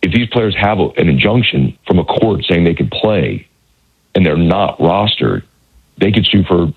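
A hoarse man who has lost his voice, reporting on college football over a phone line in a measured, hedging way with many restarts. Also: low voice, animated, no room sound. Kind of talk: casual radio phone interview.

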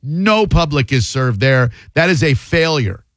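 A man's voice: fairly high pitch, expressive, measured pace, no room sound. A man hosting a call-in radio talk show, blunt and opinionated, sometimes repeating words when he gets heated. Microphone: studio microphone.

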